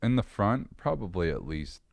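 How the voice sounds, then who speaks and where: Very deep-voiced man telling his story. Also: sing-song, moderate pace, vocal fry, no room sound, studio quality. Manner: earnest, candid storytelling with frequent restarts. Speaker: podcast guest. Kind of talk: personal story in casual interview.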